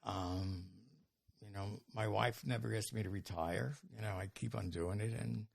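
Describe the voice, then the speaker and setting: This is a comedian in his seventies from New York, talking casually in an interview. His voice is gravelly and a little raspy. He wanders from one story to the next and keeps amusing himself along the way. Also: on the low side, steady tone, normal speed. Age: 70s. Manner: rambling, self-amused anecdotes. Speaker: comedian guest.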